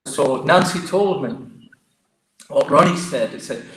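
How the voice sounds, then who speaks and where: A man with a Geordie accent, a martial arts guest telling stories in a lively, chatty way. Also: fairly high pitch, a little slow, pauses often. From Newcastle, England. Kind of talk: casual storytelling interview. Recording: echoey room.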